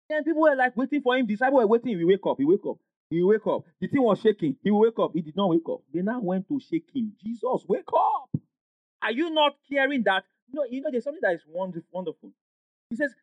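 A man preaching a sermon as pastor, emphatic, rising into shouts and call-and-response with the congregation. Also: high-pitched, dry recording, highs cut off.

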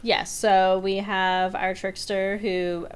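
A woman's voice: medium pitch, little pitch movement, slow pace, clear, resonant tone. A woman co-hosting a podcast, casually retelling a cartoon episode in a rambling way with lots of ums and uhs. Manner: rambling retelling with many fillers. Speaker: podcast co-host. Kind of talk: casual recap chat.

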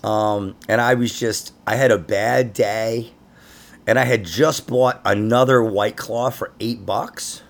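A man's voice: on the low side, takes it slowly, vocal fry. A man hosting a comedy podcast, chatting casually and laughing often as he tells stories. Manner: laughs often, animated storytelling. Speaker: podcast host.

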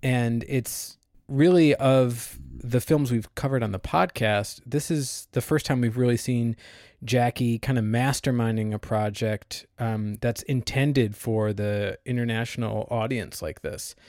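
A man's voice: mid-range voice, a little slow, a little mellow, no echo. Enthusiastic man, dry close sound. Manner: enthusiastic, hedging with fillers. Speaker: podcast co-host. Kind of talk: casual film discussion.

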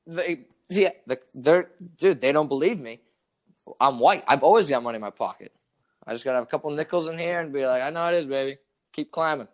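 A young man telling a story in casual chat, animated and profane, full of "dude" and "like". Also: fairly high pitch, brisk.

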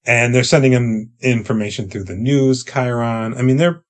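A man's voice: mid-range voice, moderate pace. A man co-hosting a podcast, recapping a movie in casual profane chat and acting out the characters' lines. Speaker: podcast co-host.

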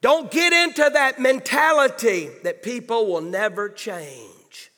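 A man preaches to his congregation in a high, ringing voice, pressing each point home and calling for responses. His voice carries a long reverb from a church sanctuary. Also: slow pace, bright, forceful tone. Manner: emphatic, calls for congregation responses. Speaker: pastor. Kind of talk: sermon.

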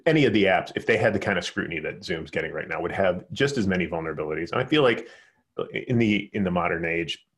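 An American man hosting a casual podcast over a video call, joking and talking in quick runs with restarts. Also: low-pitched, expressive. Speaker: podcast host. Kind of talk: casual chat. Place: home, remote call. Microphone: video call recording.

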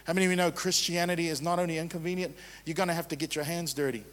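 High-voiced preacher in a reverberant hall. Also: male voice, steady tone, racing, fairly bright tone. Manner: conversational preaching with emphatic repetition. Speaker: pastor. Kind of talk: sermon.

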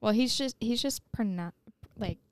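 A woman's voice: fairly high pitch, moderate pace, darkish tone, dry recording. A young woman co-hosting a podcast, telling chatty stories full of fillers. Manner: chatty, filler-heavy storytelling. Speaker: podcast co-host. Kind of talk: casual podcast banter.

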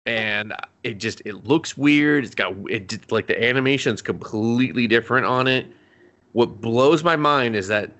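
A man co-hosting a podcast, recapping a show in casual chat, swearing a lot and rambling with animated asides. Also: lowish voice. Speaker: podcast co-host.

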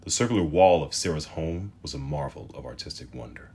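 A man narrating an audiobook in a measured, expressive storytelling manner. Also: very deep voice, breathy edge. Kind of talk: scripted narration.

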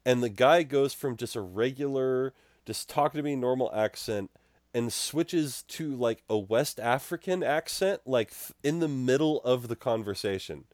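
A man co-hosting a podcast, telling an animated story in casual chat and laughing as he goes. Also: mid-range voice, normal speed, dry recording, clean studio sound. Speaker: podcast co-host.

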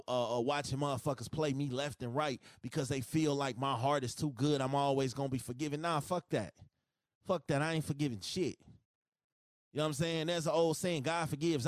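A man's voice: a little high, no echo, clean studio sound. A man hosting a solo podcast, ranting in a profane, emphatic, repetitive way with speech. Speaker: podcast host.

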